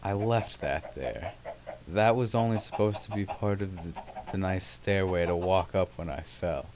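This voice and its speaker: A man's voice: low-pitched, a little slow, noisy background. A young man casually narrating his gameplay, rambling with sarcastic, self-mocking asides. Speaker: let's play host.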